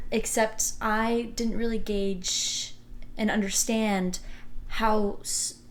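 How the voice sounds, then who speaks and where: A young woman co-hosting a podcast, telling a story in an animated way and laughing often. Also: mid-range voice, extremely slow. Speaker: podcast co-host. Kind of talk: casual chat.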